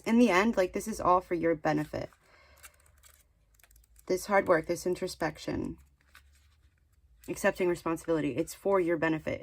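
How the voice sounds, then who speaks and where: A woman's voice: lowish voice, gravelly. A woman giving a casual spiritual tarot reading, chatty and rambling with many fillers and restarts, earnestly nudging the listener. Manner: earnest, mildly scolding encouragement. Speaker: tarot card reader.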